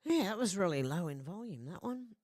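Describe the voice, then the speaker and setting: A woman's voice: fairly low pitch, sing-song, a little fast, a little mellow, dry recording, clean studio sound. A blunt, chatty woman hosting a livestream, reading out viewer comments and swearing freely. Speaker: host.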